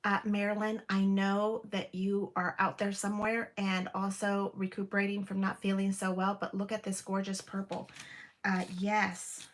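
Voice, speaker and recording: A woman's voice: medium pitch, flat delivery, moderate pace. A woman in her fifties hosting a live crafting stream from home, gushing over each piece with lots of fillers. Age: 50s. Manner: gushing, exclaims often, many fillers. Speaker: crafting livestream host. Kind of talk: casual live craft chat.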